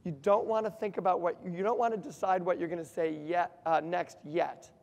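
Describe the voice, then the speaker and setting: A man leads a workshop in a large hall, his voice carrying a long reverb. He quizzes the crowd and drives his points home with emphasis, sitting a little higher than most men. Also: brisk, creaky. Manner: asks the audience questions, lively and emphatic. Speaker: workshop speaker. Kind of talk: interactive talk to an audience.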